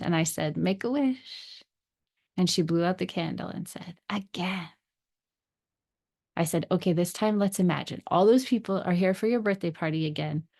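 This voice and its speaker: A woman podcast host gently narrating a scripted personal story, voicing the dialogue she quotes. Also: fairly low pitch, gravelly.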